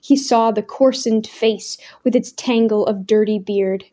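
A woman reading a novel aloud as narrator, in a measured, expressive way. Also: medium pitch. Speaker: audiobook narrator. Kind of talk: scripted narration.

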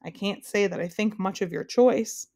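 A pompous storybook king barks his commands, raised and loud, with no patience for anyone, as a woman puts him on. He snaps and grunts his words like royal decrees. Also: mid-range voice, moderate pace, close to an everyday voice. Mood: imperious. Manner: snapping, commanding. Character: pompous bossy male king, impatient.

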